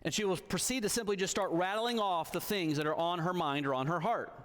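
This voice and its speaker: A man's voice: high-pitched, brisk, fairly bright tone. A man in his thirties preaching a sermon in a church hall, telling stories conversationally and checking in with his listeners. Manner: conversational storytelling, checks in with the audience.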